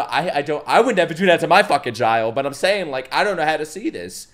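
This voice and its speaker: A man giving casual reaction commentary as an anime reaction streamer, excitable and swearing freely. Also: a little high, quick pace.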